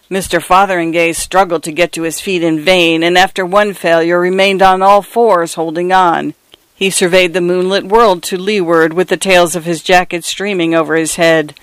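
Man narrating a story, slow and deliberate, higher voice, really dry close sound. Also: little pitch movement, fairly bright tone, clear, resonant tone, no room sound.

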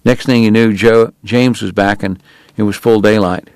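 A man narrating a western novel in a steady, measured storytelling voice. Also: lowish voice, clear, resonant tone, no echo. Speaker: audiobook narrator. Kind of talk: scripted narration.

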